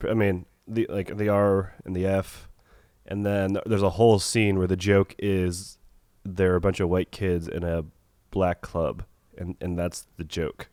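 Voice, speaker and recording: Young man, nasal head-cold voice, lowish pitch, halting casual podcast chat, dry sound. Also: little pitch movement, darkish tone, dry recording. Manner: halting, restarts a lot. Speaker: podcast co-host.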